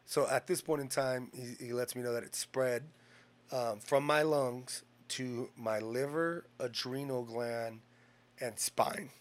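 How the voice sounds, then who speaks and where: A man in the middle of his voice range, spinning a rambling, profanity-laced story. He restarts sentences constantly and acts out each side of the conversation with lively shifts in delivery. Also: medium pitch, takes it slowly. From Hispanic heritage. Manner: profane, rambling, animated retelling. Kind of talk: casual storytelling chat.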